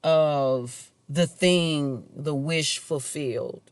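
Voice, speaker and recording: A man's voice: fairly high pitch, extremely slow, clear, resonant tone, no echo. A man talking to camera in a rambling personal monologue, casual and musing, chuckling to himself now and then. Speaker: vlogger.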